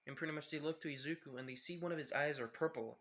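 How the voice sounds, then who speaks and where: A man's voice: a little high, very fast, a bit bright. A young man casually retelling a fan story, rambling with lots of restarts. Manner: rambling, full of fillers and restarts.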